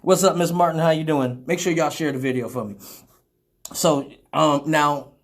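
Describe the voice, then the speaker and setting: Animated, profane male storyteller. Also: moderate pace. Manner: animated, profane, swings from loud exclamations to low mutters. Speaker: radio show host. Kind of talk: casual storytelling to a live audience.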